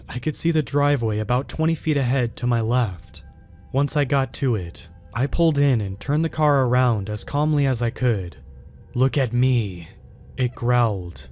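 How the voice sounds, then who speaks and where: A man reading a first-person scary story aloud in a steady, measured way. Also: mid-range voice. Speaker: horror story narrator.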